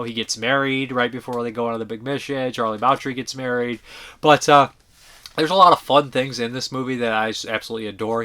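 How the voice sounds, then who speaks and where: This man has a lowish, sharp-toned voice and hosts a casual movie review show. He rambles with enthusiasm, swears freely, and trails off while hunting for words, acting as both movie reviewer and channel host.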